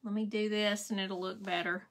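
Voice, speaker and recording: A woman's voice: medium pitch, flat delivery, moderate pace, fairly bright tone. A woman hosting a craft livestream, chatting casually while she paints and thanking viewers by name.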